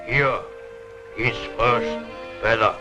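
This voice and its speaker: A man playing a solemn old tribal chief who speaks broken English slowly and gravely, with music behind. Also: mid-range voice, steady tone, highs cut off. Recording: old 1960s TV soundtrack with music.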